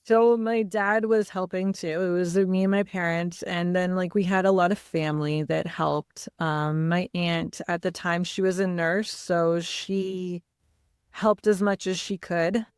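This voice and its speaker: Slow, candid woman sharing her story. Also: lowish voice, steady tone, clear, resonant tone, no echo, clean studio sound. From Canada. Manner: candid, halting, many fillers. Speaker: guest, mother. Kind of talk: personal interview storytelling.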